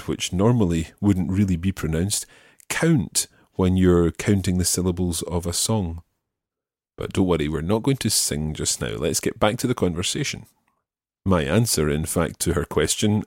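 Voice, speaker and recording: A man hosting a language lesson, repeating model phrases slowly and explaining them patiently. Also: deep voice, darkish tone, no room sound, studio quality. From Scotland. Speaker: language teacher and podcast host.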